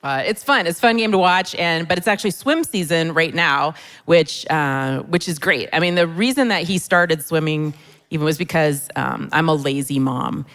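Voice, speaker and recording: A woman's voice: low voice, fairly bright tone. A middle-aged woman performing self-deprecating stand-up comedy on a church hall stage, chatty and conversational. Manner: self-deprecating, conversational, pausing for audience laughs. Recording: long hall reverb.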